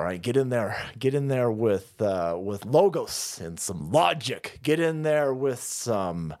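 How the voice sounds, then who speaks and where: A man's voice: mid-range voice, vocal fry, darkish tone. Foul-mouthed sarcastic male streamer. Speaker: livestream host. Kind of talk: ranting livestream commentary.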